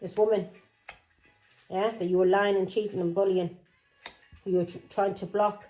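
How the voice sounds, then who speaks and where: A woman's voice: medium pitch, little pitch movement, normal speed, warm tone, soft background music, low-quality recording. A woman giving a tarot reading in a confrontational, accusing tone who keeps breaking in with "Yeah?". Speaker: tarot reader.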